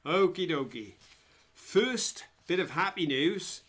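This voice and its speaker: A man hosting a live quiz in a chatty, joking way. His voice sits a little high for a man. He talks slowly and unhurriedly. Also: lively intonation, a bit bright. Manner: chatty, jokey, reads out viewers' answers. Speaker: quiz host.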